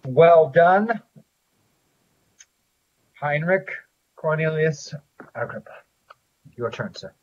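A man narrating as game master, describing scenes and rulings in a measured way with frequent pauses. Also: on the high side, expressive, a little mellow. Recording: dull lo-fi audio.

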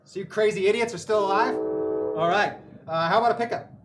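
Brash loud pilot captain guy hollering on comms, high and pushy, man doing it. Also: fairly quick, loud music behind the voice, close to an everyday voice. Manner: brash, shouting.

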